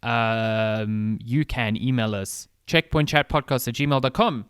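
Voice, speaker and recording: A man's voice: medium pitch, unhurried, clear, resonant tone, no echo, clean studio sound. Casual, swearing gaming podcast man. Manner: relaxed, swears casually, trails off mid-sentence. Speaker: podcast co-host.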